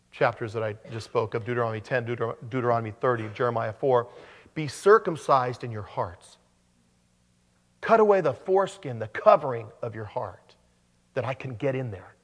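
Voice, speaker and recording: A man preaching a sermon, animated, with joking asides and frequent restarts. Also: a little high, in a large hall. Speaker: pastor.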